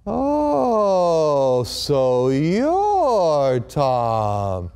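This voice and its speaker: A man voicing a stern female hospital nurse who speaks slowly and weightily, raising his pitch. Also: huge pitch swings, darkish tone, clean tone, heavily acted. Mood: probing. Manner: slow, weighty, drawn-out delivery.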